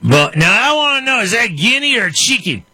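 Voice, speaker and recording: A man's voice: high-pitched, very animated, moderate pace, noisy background. A man giving casual, skeptical commentary as he plays and talks back at clips. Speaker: commentator host.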